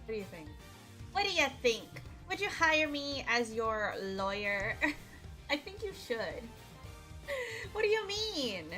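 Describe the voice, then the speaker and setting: A woman streamer talks casually to her viewers in a high, bright voice, very animated yet slow, with long pauses. Playful and teasing, she giggles often, and faint music plays behind her.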